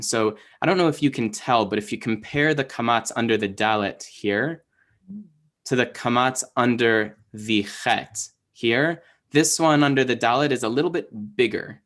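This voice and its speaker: A man's voice: mid-range voice, fairly bright tone. A man teaching an online Hebrew class, explaining patiently with lots of fillers and restarts over a video call.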